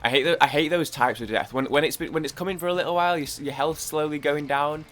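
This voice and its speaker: A man's voice: fairly high pitch, fast talker, a bit bright. A man chatting casually while playing a video game, rambling, restarting his sentences and swearing now and then. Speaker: gaming YouTuber. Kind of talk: casual let's-play chat.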